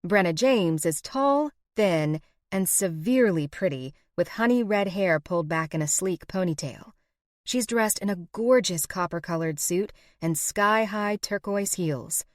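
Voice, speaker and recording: A woman narrating a first-person romance audiobook in an expressive, wry way, close to the mic. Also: lowish voice, a little slow, dry recording.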